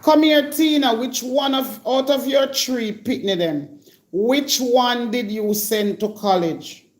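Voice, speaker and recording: A woman's voice: a little high, slow. A woman with a Jamaican accent hosting a live stream, delivering an indignant, confrontational rant straight at her target. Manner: scolding, indignant, addresses her target directly.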